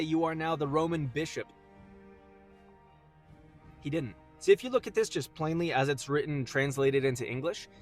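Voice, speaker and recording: A man hosting a casual Bible teaching video, earnest and emphatic, slowing down when he reads verses aloud. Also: mid-range voice. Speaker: host.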